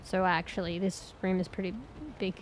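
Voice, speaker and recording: A woman's voice: lowish voice, flat delivery, moderate pace, slight background noise, rough recording. A woman streaming a game and chatting casually with viewers, thinking aloud and swearing now and then. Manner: chatty, addresses viewers directly. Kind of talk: casual gameplay commentary.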